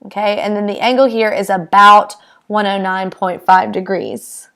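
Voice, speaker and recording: Smooth-voiced woman summarizing chemistry. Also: medium pitch, steady tone, pushed and bright. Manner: brisk, summarizing, plainly spoken. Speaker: chemistry teacher. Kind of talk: explaining with drawings.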